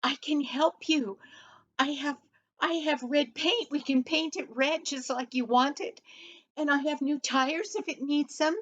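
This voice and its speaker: An eager storybook boy bubbling with excitement, his voice high and bright, as a grandmother puts him on. The recording is dull and lo-fi. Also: measured pace. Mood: excited. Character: excited eager young boy, generous friend.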